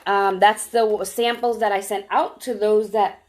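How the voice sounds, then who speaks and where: A woman's voice: medium pitch, fairly even intonation, normal speed. A woman selling nail polish strips, walking viewers step by step through applying them on a live stream and greeting them by name as she goes. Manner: chatty, walks viewers through each step. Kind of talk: live-stream product demo.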